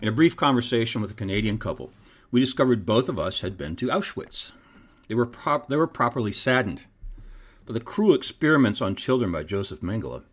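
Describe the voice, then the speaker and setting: A man's voice: very animated, a little fast. A man hosting his own podcast, reading scripted commentary in an emphatic, preacherly way. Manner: emphatic, preacherly delivery with wide pitch swings. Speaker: podcast host.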